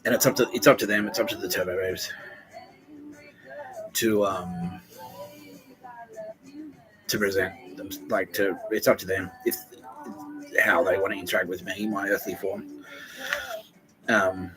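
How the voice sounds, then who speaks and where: Low-voiced rambling man, music behind. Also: fairly even intonation, a little slow, long pauses, low-quality recording. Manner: rambling, meandering, heavy on fillers. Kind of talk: casual podcast chat.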